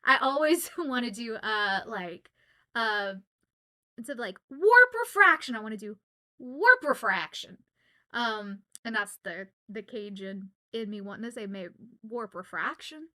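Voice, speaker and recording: Bright-voiced chatty woman from Southwest Louisiana. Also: medium pitch, moderate pace. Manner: chatty and giggly, with many fillers. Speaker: voice actor signing autographs on stream. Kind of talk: casual livestream chat.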